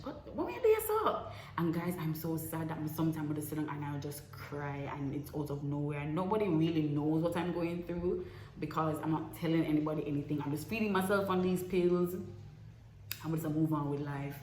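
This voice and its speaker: A woman's voice: sits low, fairly even intonation, fairly quick, a little mellow. A young woman, candidly telling a personal story to camera and acting out past conversations. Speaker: vlogger. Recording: echoey room with faint noise.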